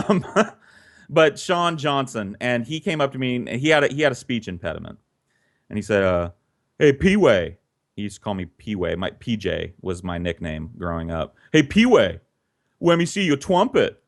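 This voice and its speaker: A man's voice: lowish voice, normal speed, vocal fry. A man telling a childhood story in a casual, conversational way, swearing freely and animating the tale.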